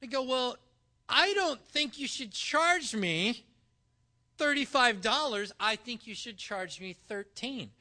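A man preaching a sermon, telling a personal story with lively acted-out dialogue. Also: very high-pitched, slow pace. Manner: animated storytelling, acting out dialogue. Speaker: pastor.

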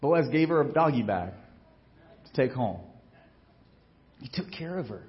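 A man preaching a sermon as pastor, telling a story in a casual, joking way and acting out what people say, getting loud and then dropping low. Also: unhurried, highs cut off. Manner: animated storytelling, acts out quotes with big swings in loudness.

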